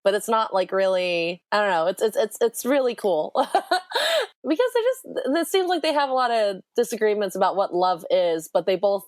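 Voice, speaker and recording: Brief: excitable woman podcast guest, mid-pitched, rambling, dry close sound. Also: moderate pace, no echo. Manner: enthusiastic, rambling, laughs often. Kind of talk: casual chat.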